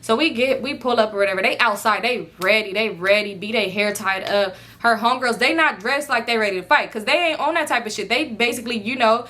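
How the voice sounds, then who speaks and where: A young woman spins a storytime vlog in a bright, forceful voice that sits a little high. She talks in an animated, profane way and acts out what others said. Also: brisk, few pauses, slight background noise. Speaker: vlogger. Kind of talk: casual storytime.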